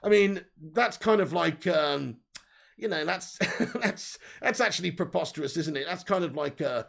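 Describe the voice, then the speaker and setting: A man's voice: fairly high pitch, expressive, normal speed, gravelly. A man hosting a live fan stream, reading viewer comments in loose, sweary casual chat. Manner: loose, sweary, laughs often. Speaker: fan channel host.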